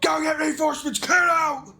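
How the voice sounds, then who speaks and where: A man voicing a panicked male town guard who shouts orders in a tabletop game. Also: very high voice, steady tone, normal speed, creaky, pitched above the performer's own voice, exaggerated voice. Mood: shouting.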